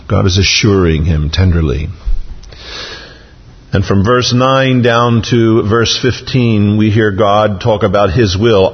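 Male preacher, low husky voice, reads and expounds scripture, lo-fi sound with long hall reverb. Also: slow. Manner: expository preaching, reads and paraphrases scripture aloud. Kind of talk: sermon.

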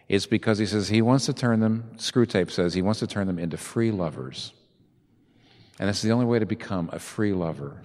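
Animated preacher in a reverberant hall. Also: male voice, low-pitched. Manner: animated preaching, swinging from soft asides to loud emphatic peaks. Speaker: pastor. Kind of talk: sermon.

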